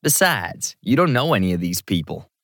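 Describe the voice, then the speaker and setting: Brief: male narrator voicing a relaxed, joking young man with a low voice. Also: normal speed, no room sound, studio quality, heavily acted. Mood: teasing. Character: teasing, affectionate young man.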